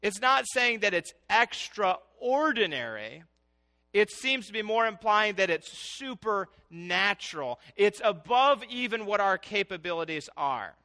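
A middle-aged man preaching a sermon in an animated, conversational way, often asking his listeners questions. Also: high-pitched, a little slow.

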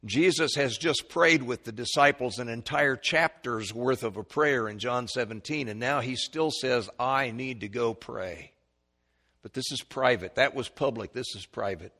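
A man preaching a Bible lesson, chatting at first, then climbing to loud, emphatic peaks when he quotes scripture, with stammered restarts. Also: mid-range voice. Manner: conversational teaching with stammered restarts. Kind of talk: Bible teaching sermon.

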